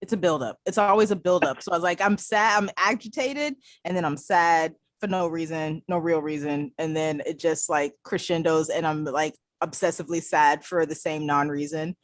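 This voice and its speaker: A woman's voice: low-pitched, fairly even intonation, normal speed, hardly any pauses, dry recording, studio quality. A young woman co-hosting a casual chat podcast, retelling things in a dramatic, self-mocking way. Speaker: podcast co-host.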